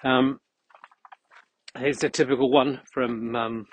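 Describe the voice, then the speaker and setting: A man hosting a podcast, rambling through a deadpan comic monologue outdoors while walking. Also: medium pitch, slow pace, a little hiss or hum, poor audio. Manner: deadpan, absurd asides. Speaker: podcast host. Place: outdoors on a dog walk.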